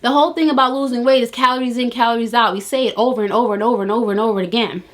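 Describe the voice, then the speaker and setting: A young woman talks straight to her viewers in a sassy, animated vlog. Her voice sits a little high, and she teases them with playful slang. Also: racing. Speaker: vlogger giving weight loss tips. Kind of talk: casual chat to camera.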